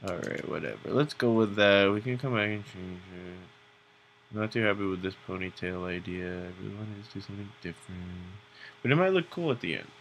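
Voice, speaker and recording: Young male tutorial host, casual and jokey, with a low-ish gravelly voice. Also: fairly quick, a bit bright, a little hiss or hum. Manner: rambling, joking, self-mocking. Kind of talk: casual narration while drawing.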